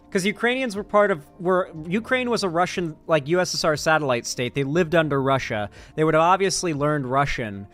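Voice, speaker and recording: A man's voice: a little high, a bit bright. A young man hosting a political stream, reading chat and rambling casually with restarts.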